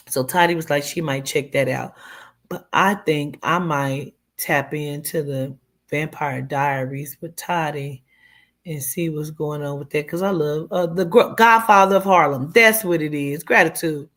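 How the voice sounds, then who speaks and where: Woman, livestream host, casual rambling chat, frequent swearing, answers viewer comments. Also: low voice. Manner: chatty and rambling, with frequent swearing and "child" asides.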